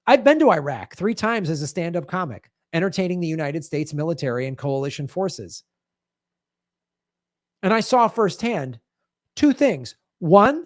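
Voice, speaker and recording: A man's voice: a little high, no room sound. Fired-up guy comic ranting sarcastically, dry mic. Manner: sarcastic, heated, acts out mocking quotes. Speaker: stand-up comedian host. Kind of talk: ranting political commentary.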